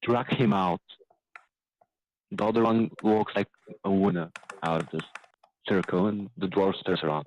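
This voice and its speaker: A low-voiced man runs an online tabletop game, narrating the action in a relaxed, casual way. His voice comes through a bit muffled over voice chat. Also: unhurried, long pauses, dry recording. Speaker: game master.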